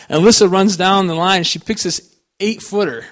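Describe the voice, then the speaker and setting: Man, guest speaker, rambling folksy testimony, slightly high voice, earnest storytelling. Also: fairly even intonation, fast talker. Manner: rambling, folksy, full of "you know".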